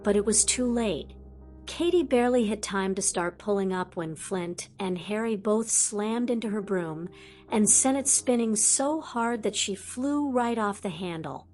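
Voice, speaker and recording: A woman reading a fantasy audiobook aloud in a lively storytelling manner. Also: mid-range voice, a little slow, faint music behind. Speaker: audiobook narrator. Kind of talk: scripted audiobook narration.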